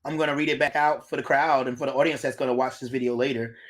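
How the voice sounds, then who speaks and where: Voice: mid-range voice, fairly even intonation, quick pace. An adult host chatting casually on a live stream, greeting viewers by name and reading their comments aloud, recorded on a phone.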